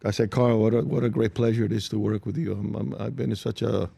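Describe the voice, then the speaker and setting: A man's voice: on the low side, brisk, vocal fry, slightly rough, no room sound. An older male actor, a guest on a studio talk show, telling stories and acting out the voices of the people in them. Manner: animated anecdotes, acts out quoted voices. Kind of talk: interview storytelling.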